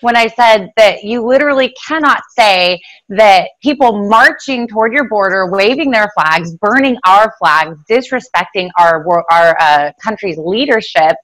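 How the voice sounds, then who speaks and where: A woman's voice: medium pitch, animated, moderate pace, hardly any pauses, fairly bright tone, rough recording. A woman panelist in a political talk show, speaking assertively and emphatically. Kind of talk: political commentary chat.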